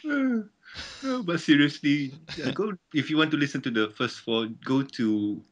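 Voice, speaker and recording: A man's voice: on the high side, expressive, normal speed, lo-fi sound. A man chatting casually as a podcast guest on an online call, rambling, stammering now and then and laughing often.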